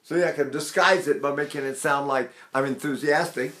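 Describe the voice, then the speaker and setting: An older male voice teacher with a fairly high, sharp voice gives a singing lesson at normal speed in a reverberant space. He explains technique in a folksy, chatty way, checks in with "right?" and "see?", and sings demonstrations.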